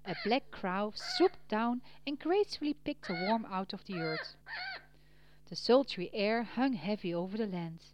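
A woman reading a storybook aloud, gentle and expressive, trailing softly at sentence ends. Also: mid-range voice, a little slow, highs cut off, a little hiss or hum. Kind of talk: storybook narration.

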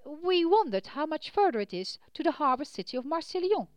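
A woman voices a calm male adventurer in a storybook. He speaks courteously, with pitch that moves up and down a lot. The sound is close and dry. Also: a little fast, dry recording.

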